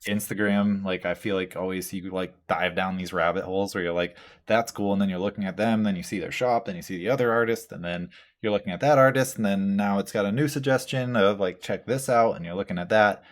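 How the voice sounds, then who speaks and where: A man's voice: deep voice, quick pace. A man hosting a tattoo podcast, talking in a laid-back, rambling way with lots of fillers and the odd swear word. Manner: reads out listener questions. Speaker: tattoo artist and podcast host. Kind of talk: casual chat.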